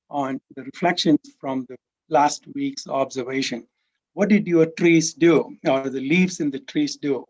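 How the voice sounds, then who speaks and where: A man's voice: on the high side, darkish tone. Brief: male lecturer, conversational conference talk, many "you know" fillers, dull lo-fi recording. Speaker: university lecturer presenting on his teaching. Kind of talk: conference presentation.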